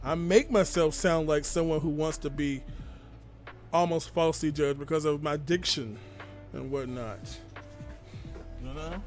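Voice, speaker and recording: A man's voice: fairly high pitch, unhurried, faint music behind. A man hosting a charity live stream, talking in an earnest, rambling, down-to-earth way.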